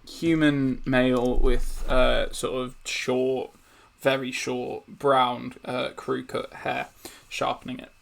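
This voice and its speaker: A man narrating a tabletop game as game master, relaxed, with hesitant fillers. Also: mid-range voice, takes it slowly, creaky.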